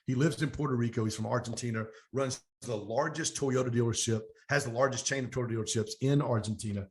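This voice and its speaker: A middle-aged man talking as a guest on an interview show, with a voice of ordinary pitch. He spins stories with energetic momentum. He keeps acting out what others said. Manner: energetic, fast storytelling with animated quoted dialogue. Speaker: podcast guest, coach. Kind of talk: storytelling interview.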